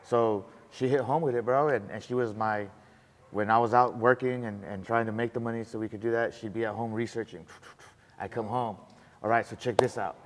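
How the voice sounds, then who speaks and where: A man chatting on a podcast, telling a lively story, acting out the dialogue and calling people bro. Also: medium pitch, a little fast. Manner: animated, acts out dialogue, says bro. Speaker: podcast guest. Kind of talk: casual storytelling chat. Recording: long roomy reverb.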